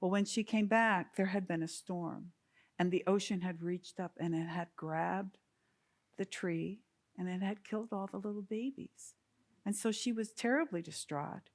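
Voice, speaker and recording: A woman's voice: lowish voice, normal speed. Earnest woman telling a sermon story. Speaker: service speaker.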